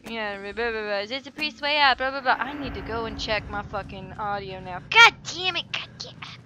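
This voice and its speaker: A let's play host with a high-pitched voice commentates her gameplay, jittery, cursing, and muttering under her breath. Background noise is present, and her headset microphone sits flipped up above her head.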